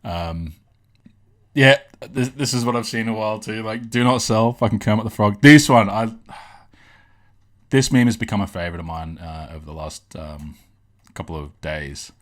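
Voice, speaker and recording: A man's voice: fairly low pitch, moderate pace. A young Australian man casually rambling through meme-reaction commentary at a home streaming setup, laughing and swearing often. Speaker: streamer and host.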